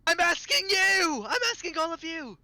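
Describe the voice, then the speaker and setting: A woman playing a tabletop game, casually chatting and bursting into loud laughing shouts. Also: very high-pitched, moderate pace, a crowd in the background.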